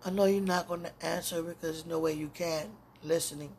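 A woman's voice: lowish voice, fairly even intonation, fairly quick, darkish tone, slight background noise. A woman podcaster talking in a casual, intimate monologue that rambles and often turns to prayer.

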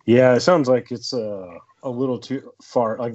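A man co-hosting a podcast in relaxed casual chat, easygoing and reacting to the others. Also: mid-range voice, moderate pace, highs cut off. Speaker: podcast co-host.

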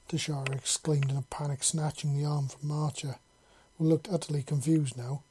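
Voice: mid-range voice, level tone, normal speed, mellow, slight background noise. A narrator reading fan fiction aloud, unpolished, with slips and self-corrections.

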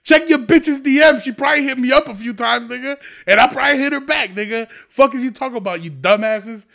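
A man's voice: extremely high pitch, fast, gravelly, pushed and bright. A man hosting a podcast, delivering a heated, profane and rambling casual rant. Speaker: podcast host. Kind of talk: casual ranting monologue.

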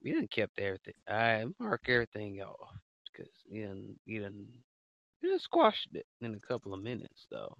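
This podcast co-host keeps the chat casual and slangy while he poses the questions. His fairly low voice swoops wildly in pitch, creaky yet fairly bright, at a moderate pace, on a dry, slightly muffled lo-fi recording.

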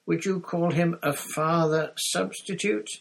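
A man voicing a scheming woman gossip reporter who talks coldly and condescendingly, in a gravelly voice. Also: on the high side, steady tone, unhurried, voice pushed up, poor audio. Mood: wheedling.

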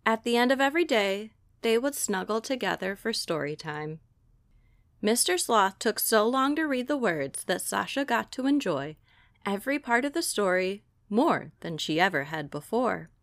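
A woman librarian reading a children's picture book aloud with slow, expressive delivery. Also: medium pitch, no room sound, studio quality. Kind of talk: storybook read-aloud.

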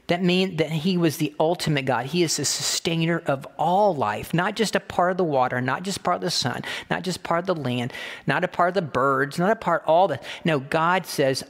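A man preaching a sermon, emphatic and repetitive, slowing down to quote scripture. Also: fairly high pitch, in a large hall. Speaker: pastor.

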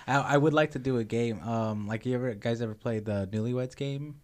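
A man's voice: mid-range voice, a little fast. Rambling man co-hosting a chat show. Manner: rambling storyteller, acts out quoted lines. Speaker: podcast co-host. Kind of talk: casual chat.

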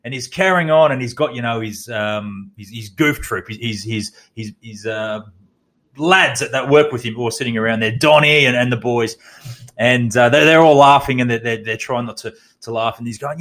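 A man's voice: mid-range voice, a little fast, fairly bright tone. A man in his thirties with an Australian accent, hosting a podcast and telling a candid personal story, swearing and restarting his sentences. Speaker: podcast host.

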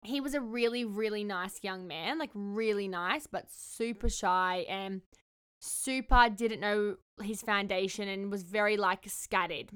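Bright-voiced young woman storyteller. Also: mid-range voice, unhurried, smooth. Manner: candid, expressive, swears freely. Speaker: vlogger. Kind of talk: casual storytelling.

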